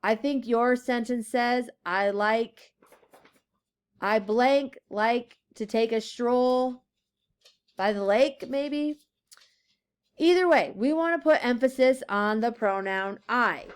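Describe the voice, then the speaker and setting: A woman teacher giving a classroom grammar lesson, slowly stressing key words and reading example sentences aloud. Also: a little high, smooth.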